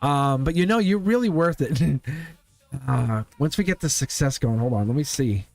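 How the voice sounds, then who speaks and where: Animated, playful male tarot reader. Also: mid-range voice, normal speed, no echo, soft background music. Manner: playful and animated, laughs often, repeats phrases. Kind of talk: live-streamed tarot reading.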